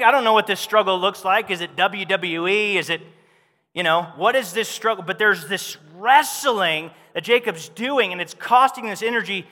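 A man preaching a sermon as pastor, talking to the congregation in a conversational, animated way. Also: high voice. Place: church hall. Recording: long hall reverb.

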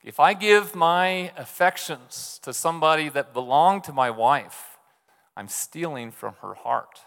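This pastor's voice is a little high, creaky and a bit bright, and he speaks without hurrying. His sermon is conversational and full of stories, punctuated by "right?" to the congregation, echoing with long large-hall reverb.

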